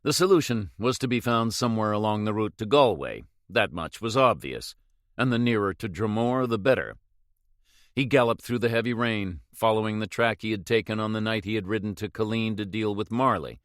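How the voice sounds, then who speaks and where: Low-voiced man narrating a thriller audiobook. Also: brisk, a bit bright, dry recording, studio quality. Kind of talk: scripted narration of a thriller novel.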